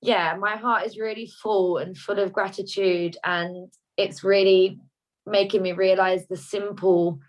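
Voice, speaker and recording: A woman talks openly and warmly about her life over a video call, her voice sitting at an ordinary middle pitch. She rambles a little and corrects herself as she goes. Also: steady tone, unhurried, poor audio. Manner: heartfelt, rambling, self-correcting. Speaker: guest sharing a personal story. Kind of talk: emotional personal sharing on a video call.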